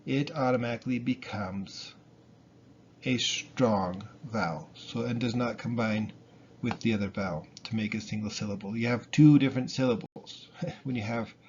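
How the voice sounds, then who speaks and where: A man's voice: medium pitch, moderate pace, muffled recording, slight background noise. A man teaching Spanish pronunciation in a casual spoken lesson, explaining patiently and repeating examples. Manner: relaxed, explains with fillers and repetition.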